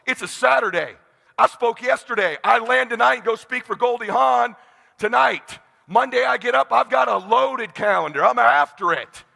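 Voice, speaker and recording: A man in his forties giving a blunt motivational sales seminar to a live audience, dropping to a hush and then shouting. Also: extremely high pitch, moderate pace, creaky. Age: 40s. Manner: blunt, swings from hushed to shouting. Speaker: sales trainer. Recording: long hall reverb.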